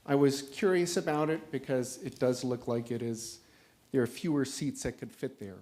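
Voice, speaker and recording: A man speaks through a handheld microphone at a council meeting. He walks through details in a plain, mid-pitched, explanatory way. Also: normal speed, warm tone. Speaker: resident giving public comment. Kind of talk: public comment at a council meeting.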